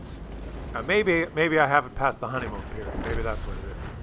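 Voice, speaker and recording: A man hosting his own gaming video, talking through gameplay in a rambling, jokey and excitable way. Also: mid-range voice, fairly quick, background noise. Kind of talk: casual gameplay commentary.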